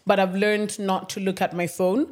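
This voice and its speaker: A young Kenyan-accented woman co-hosts a podcast, telling a story in casual, animated chat at normal speed in a mid-range voice. She swears freely and slips in bits of Swahili.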